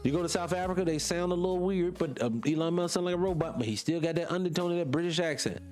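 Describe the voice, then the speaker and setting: A man with a voice that sits a little high talks casually on a morning livestream. He rambles and gets impassioned, picks up chat comments, and loses his thread. Soft music plays faintly underneath. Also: quick pace. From small town in North Carolina. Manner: rambling and impassioned, loses his train of thought, voice rising when fired up. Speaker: morning show host.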